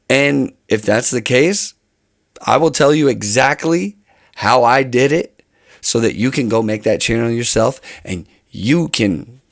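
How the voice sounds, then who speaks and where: Man, gravelly voice, casual vlog talk, rambling, dry close sound. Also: medium pitch, no echo. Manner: rambling, restarts phrases often. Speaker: channel host.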